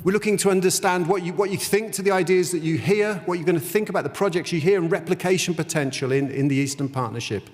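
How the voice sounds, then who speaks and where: A man's voice: sits high, fast talker, few pauses. A man moderating a conference panel in an informal, light-hearted way, in a windowless conference room. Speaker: session moderator. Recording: long hall reverb.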